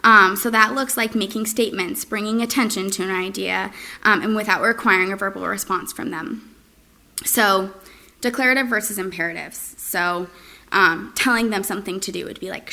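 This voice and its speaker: Woman presenter, bright tone, lots of ums, casual teaching. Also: medium pitch, normal speed. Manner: frequent ums, sing-song modeled phrases. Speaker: speech-language presenter. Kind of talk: informal training presentation.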